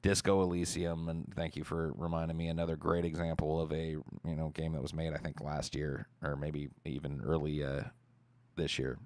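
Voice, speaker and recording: Low, gravelly man chatting casually. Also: moderate pace, no room sound. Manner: relaxed, rambling, swears freely. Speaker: streamer. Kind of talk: casual chat answering viewer questions.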